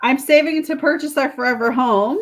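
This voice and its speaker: A woman's voice: sits high, brisk. A woman doing a live tarot reading, chatting casually with viewers and reading card messages aloud. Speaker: tarot reader.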